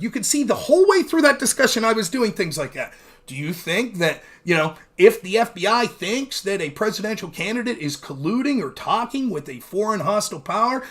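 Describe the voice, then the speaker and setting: A man's voice: high voice, fairly bright tone. A man hosting a live stream, arguing heatedly with a caller and then ranting about it, combative and profane, mocking his opponent. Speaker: host.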